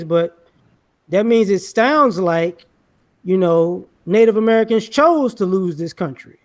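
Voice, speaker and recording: A man with a high voice who talks in a relaxed way during a casual debate. He reasons step by step and builds his point through examples. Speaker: podcast co-host.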